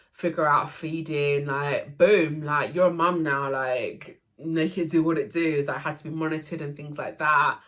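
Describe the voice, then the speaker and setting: A young woman with a low voice tells a personal story straight to camera. She speaks casually and with emotion, often restarting her sentences and filling gaps with "like". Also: fairly bright tone. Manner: emotional, lots of fillers and restarts. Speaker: vlogger.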